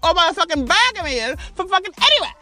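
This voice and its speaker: A woman's voice: extremely high pitch, very animated, quick pace, bright, forceful tone, soft background music. A British woman hosting a podcast, delivering a furious, mocking, profane rant. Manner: furious, mocking, swearing constantly. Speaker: podcast host. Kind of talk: profane ranting commentary.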